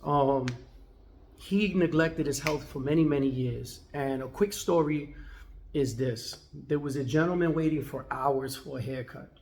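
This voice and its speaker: A man's voice: fairly high pitch, a little slow, a little mellow, a little hiss or hum. A man, a barber, talking casually to camera in his barbershop, conversational and peppered with "right?". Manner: conversational, with frequent "right?" tags. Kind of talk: casual vlog talk.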